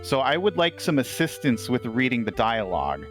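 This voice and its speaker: A man showing off his game run in easy, casual conversation. His voice sits in a middle range, and he keeps the others organized with a relaxed, filler-dotted delivery. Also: mid-range voice, moderate pace, faint music behind. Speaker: player presenting a game run. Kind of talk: casual chat.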